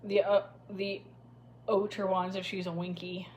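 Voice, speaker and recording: A woman's voice: medium pitch, level tone, a little slow, darkish tone, slight background noise, natural voice. A woman voicing a scheming middle-aged male official who speaks in a lazy, self-satisfied drawl. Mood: sly drawl.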